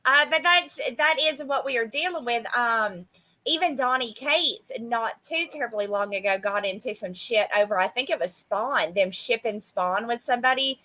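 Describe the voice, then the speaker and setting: A woman's voice: on the high side, moderate pace, sharp tone. A woman co-hosting a podcast in casual chat, blunt, profane and sarcastic. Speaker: podcast co-host.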